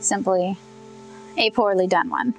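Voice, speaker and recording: A young woman from Louisiana, chatting casually as she paints, thinking out loud and correcting herself as she goes. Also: medium pitch, unhurried, gravelly, soft background music, rough recording. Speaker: comic artist testing paints.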